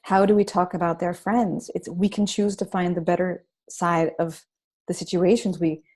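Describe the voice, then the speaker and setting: A woman's voice: lowish voice, level tone, moderate pace, a little mellow. A woman, a parenting author, chatting as an interview guest and telling stories with many restarts and fillers. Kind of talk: casual interview conversation.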